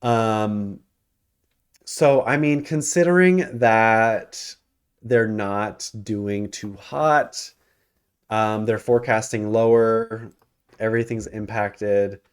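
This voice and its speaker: An investing channel host talks loosely over his screen in a casual stock commentary, full of ums and self-corrections, while yawning and hiccuping. His voice is on the low side, clean, and slow.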